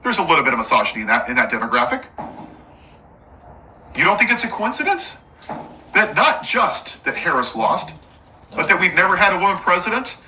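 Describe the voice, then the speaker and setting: A man's voice: sits high, big pitch swings, a little fast, pauses often, sharp tone, rough recording. Sarcastic, fired-up male commentator. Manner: sarcastic, mocking asides; angry, emphatic listing. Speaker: political commentator. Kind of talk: impassioned political rant to camera.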